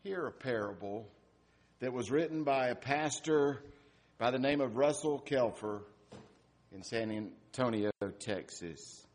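A man preaching an Easter sermon, telling a story with dramatic swings in loudness. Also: mid-range voice, measured pace. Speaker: pastor.

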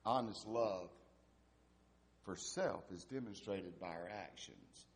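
A male pastor preaching in a conversational way, asking rhetorical questions and trailing off softly at the ends of phrases. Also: deep voice, slow pace. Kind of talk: sermon.

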